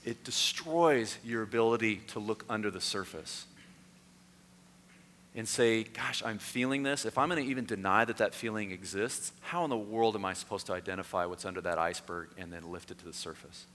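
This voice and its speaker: Lively preacher man in a big hall. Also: on the low side, fairly quick. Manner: animated storytelling, voices and shouts in anecdotes, then quiet and earnest. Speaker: pastor. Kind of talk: sermon. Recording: long hall reverb, faint noise.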